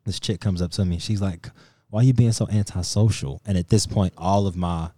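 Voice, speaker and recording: Man, very low pitch, mellow tone, dry sound, profane animated storyteller. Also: moderate pace, no room sound. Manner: profane, animated storyteller who acts out quotes. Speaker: podcast co-host. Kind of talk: casual storytelling chat.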